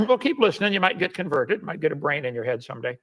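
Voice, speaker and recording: A man's voice: fairly high pitch, very animated, fast, fairly bright tone. An older man hosting a live call-in show, brusque and mocking toward callers.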